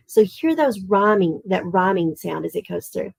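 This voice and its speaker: A woman with a Southern Tennessee accent leads children through an online literature lesson over a video call. Her talk is chatty and animated, full of questions to the kids, and she slows to a measured rhythm when she reads verse. The sound is dry and close. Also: medium pitch, gravelly, slightly rough, dry recording, rough recording. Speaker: teacher leading an online summer literature camp.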